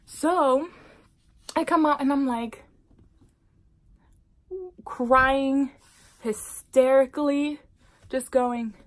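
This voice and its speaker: A woman vlogger casually telling a personal story to camera, animated and dropping into whispered asides. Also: high voice, very slow, long pauses.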